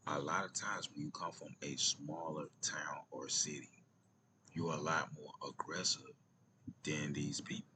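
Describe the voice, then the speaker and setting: Brief: deep Atlanta man vlogging, loose slang, slips into near-whispers, noise behind him. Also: fairly even intonation, unhurried. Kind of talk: casual storytelling vlog.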